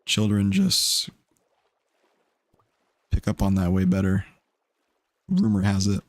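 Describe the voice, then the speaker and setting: A man's voice: lowish voice, very animated, slow, no room sound, clean studio sound. Laid-back young male game streamer. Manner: rambling, laid-back, offhand. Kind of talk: casual gaming stream chat.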